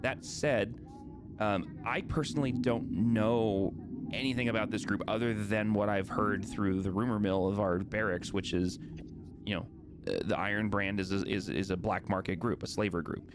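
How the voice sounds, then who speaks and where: A man's voice: on the low side, steady tone, normal speed, background noise, natural voice. A man voicing a flustered female guard sergeant who rambles and hesitates. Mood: uneasy. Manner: rambling, hesitant, many fillers.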